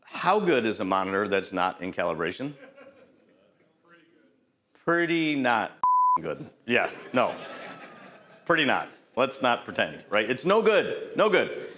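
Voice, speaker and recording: A safety trainer, middle-aged, with a fairly low voice, talks a little slowly and pauses often. His lecture is conversational and anecdote-driven, with stories from the job, questions for the audience, and frequent "right?"s.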